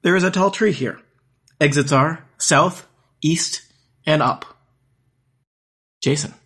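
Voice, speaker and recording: A man acting as game master, narrating a text adventure aloud in plain, measured parser-style lines. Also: a little high, a bit bright, slightly rough.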